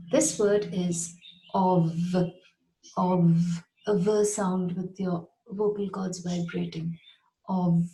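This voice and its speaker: A woman teaches pronunciation at an unhurried pace, repeating each word with care. Her voice is soft and mellow, and the room gives it a noticeable echo. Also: medium pitch. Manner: patient, repeats words slowly and clearly. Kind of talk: slow, deliberate pronunciation lesson.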